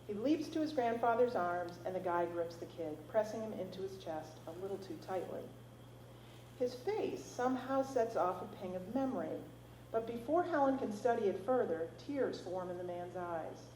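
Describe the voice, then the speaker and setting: A woman author reading her novel aloud at a library event, with expressive, casual asides. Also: mid-range voice, moderate pace, roomy sound, a little hiss or hum, rough recording.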